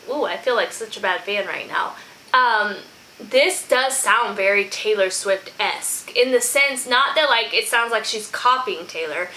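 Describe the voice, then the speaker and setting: A woman hosting a music reaction vlog, rambling and thinking out loud in casual chat, now and then saying "y'all". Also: fairly high pitch, rough recording. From from a small country town.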